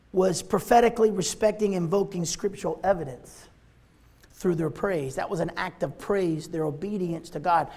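A man preaching a sermon as pastor, emphatic and repetitive, driving his points home. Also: high-pitched.

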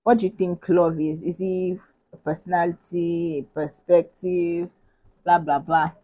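A woman's voice: fairly low pitch, level tone, a little slow, dark tone, husky, rough recording. A woman from Nigeria hosting a podcast in casual chat. She is bubbly, laughs often and thinks aloud with many restarts. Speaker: podcast host.

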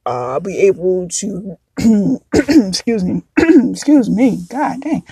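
A woman's voice: medium pitch, very animated, slow pace, mellow, breathy edge, no echo. A woman in her thirties hosting a podcast, talking frankly and confessionally in a casual chat that drifts into tangents. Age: 30s. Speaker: podcast host.

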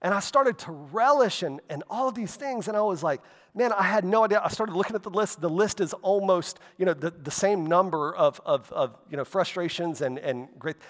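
Male pastor, chatty sermon delivery, slightly higher voice, long reverb from a big hall. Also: lively intonation, moderate pace, hardly any pauses. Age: adult, walked with faith over half his life. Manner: conversational preaching with asides and tag questions.

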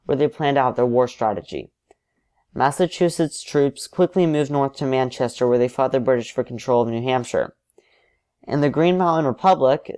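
A man narrating an alternate history story in an even, explanatory way. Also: mid-range voice, clean tone.

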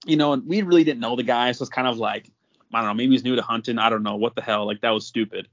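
A man's voice: mid-range voice, fast talker. A young man from North Dakota, a podcast guest, telling a story casually and laughing often. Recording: slightly muffled lo-fi audio.

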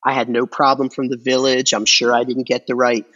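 A man who owns a record store, talking casually and haltingly, with many restarts and fillers. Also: mid-range voice, completely flat delivery, a bit bright, muffled recording. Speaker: record store owner, podcast guest. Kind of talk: casual conversation.

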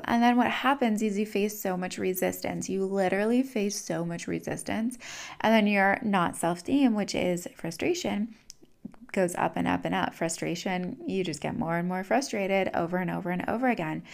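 A woman's voice: medium pitch, normal speed, creaky. A woman giving a casual spiritual teaching talk in a chatty, repetitive way, acting out little everyday dialogues as she explains.

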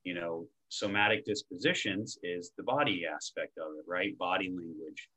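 A man from Florida, a men's coach, talking in an energetic, slangy way with casual swearing in a relaxed podcast chat. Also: low voice, normal speed, rough recording. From Tampa, Florida.

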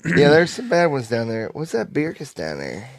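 A man's voice: fairly high pitch, huge pitch swings, normal speed, vocal fry, no echo. Blunt Kentucky man, dry close sound. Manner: blunt, profane, teasing. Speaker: podcast co-host. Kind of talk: casual beer-tasting chat.

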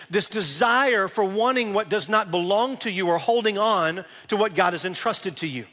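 A man preaching a sermon as a pastor, conversational and animated, with asides to the congregation. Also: high-pitched, normal speed, hardly any pauses, long reverb tail.

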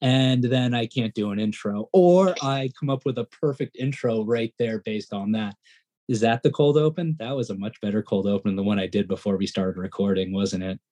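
A man co-hosting a podcast in casual banter, excitable and rambling, his voice jumping up when he gets worked up. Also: fairly low pitch, moderate pace. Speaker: podcast co-host.

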